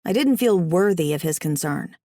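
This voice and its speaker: A woman narrating a first-person audiobook in a wry, expressive way. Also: fairly low pitch, moderate pace, no echo, clean studio sound.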